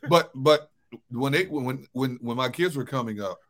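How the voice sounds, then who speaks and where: A middle-aged man co-hosting a sports talk show, telling relaxed stories and chuckling often. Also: medium pitch, moderate pace. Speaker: sports radio co-host. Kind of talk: casual chat.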